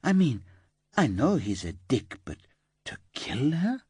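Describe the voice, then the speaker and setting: A man voicing an anxious, eager-to-please young office worker with a high, light, slightly camp voice in an audiobook. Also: big pitch swings, unhurried, a little mellow, slightly rough, no room sound, clean studio sound, exaggerated voice. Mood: distraught.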